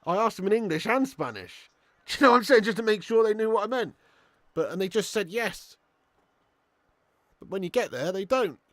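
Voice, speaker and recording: A man's voice: sits high, animated, normal speed, a bit bright, dry recording. A young man hosting a live football watch-along who chats, swears and laughs, bantering with viewers in the chat.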